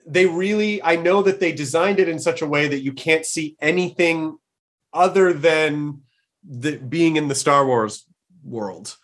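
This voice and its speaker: A man's voice: fairly high pitch, fairly bright tone. A man hosting a casual interview, talking with enthusiasm in rambling sentences that often restart mid-thought. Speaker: podcast host.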